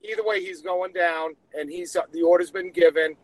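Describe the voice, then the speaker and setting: A man's voice: high voice, steady tone, moderate pace, no echo, low-quality recording. A male caller with a somewhat raised voice pushes his view confidently. The sound is dry and close. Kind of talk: call-in opinion.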